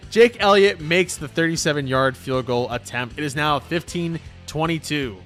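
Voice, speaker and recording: A young man hosting a casual sports talk show, recapping plays with excitable, swinging energy between loud calls and mumbled asides. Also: fairly high pitch, normal speed, few pauses, faint music behind. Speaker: host.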